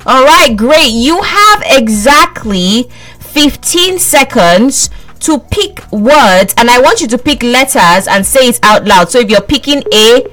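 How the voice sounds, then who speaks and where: A woman radio presenter, hosting a lively call-in giveaway in a playful, teasing way. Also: a little high, slow pace, faint music behind. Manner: playful, teasing, repeats herself.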